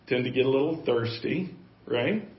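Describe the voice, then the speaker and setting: A man's voice: mid-range voice, lively intonation, normal speed. A male pastor preaching a sermon, emphatic and given to repeating key phrases for weight. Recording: echoey, dull lo-fi room sound.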